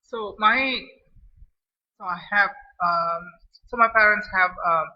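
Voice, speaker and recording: A man's voice: high voice, slow. A man from India, chatting casually to camera as a food vlogger, rambling and restarting his phrases. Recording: dull lo-fi recording.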